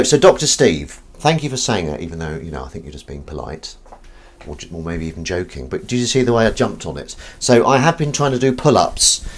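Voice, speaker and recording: A man hosts a relaxed live stream, with a deep, low-pitched voice. He jokes with viewers all the way through, and his delivery is very animated, leaping from loud excited greetings to half-mumbled remarks to himself. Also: a little hiss or hum. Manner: playful, jokey, swings between loud greetings and mumbled asides. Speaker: livestream host. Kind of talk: casual live-stream chat.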